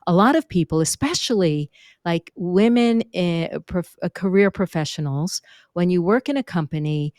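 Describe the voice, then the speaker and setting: A middle-aged woman, a vocal coach, telling stories in an interview, animated and acting out what others said. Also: on the low side, normal speed, no room sound, studio quality. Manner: animated, acts out quotes, demonstrates vocal fry. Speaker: speaking and vocal coach, guest. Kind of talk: conversational interview storytelling. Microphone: close microphone.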